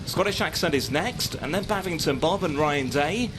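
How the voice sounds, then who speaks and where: A man's voice: a little high, normal speed, background noise. Man calling a horse race. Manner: steady running call of the field. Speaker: horse racing commentator. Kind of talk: live race commentary.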